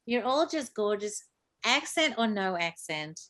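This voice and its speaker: A woman's voice: medium pitch, very animated, measured pace, a bit bright. A woman co-hosting a panel show, chatting in a playful, teasing way. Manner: teasing, laughing. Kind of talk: playful chat.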